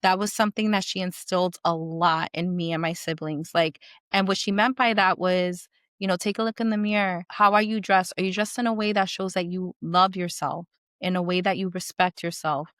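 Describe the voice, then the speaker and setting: A woman's voice: lowish voice, fairly even intonation, moderate pace, a bit bright, no room sound, clean studio sound. A woman, a podcast guest from a Puerto Rican family, telling stories in casual conversation, mixing in Spanish phrases and many fillers.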